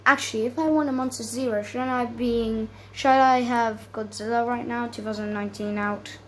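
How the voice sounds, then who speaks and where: Woman gamer host, high voice, excitable and chatty running commentary. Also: normal speed, slight background noise, poor audio. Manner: excitable, chatty, talks to viewers. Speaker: gaming channel host. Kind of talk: casual gameplay commentary.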